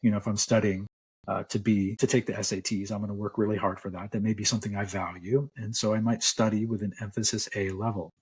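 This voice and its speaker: Husky-voiced man explaining. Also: on the low side, quick pace. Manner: explanatory, relaxed, with fillers. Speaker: clinical psychologist guest. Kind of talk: podcast interview.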